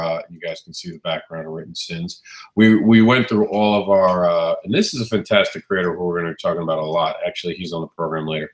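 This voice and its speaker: A very low-voiced man hosts a live show, hoarse and a little growly because his voice has not yet recovered. He talks with eager enthusiasm, often restarting his sentences. He speaks close to a phone mic in a room with a noticeable echo. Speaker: host. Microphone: phone mic, standing close.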